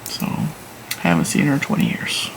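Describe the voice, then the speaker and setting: Speaking at a normal speed over background noise, a woman reviews yarn on her knitting and crochet channel while she knits. Her chat is casual and rambling, full of tangents, and she laughs at herself.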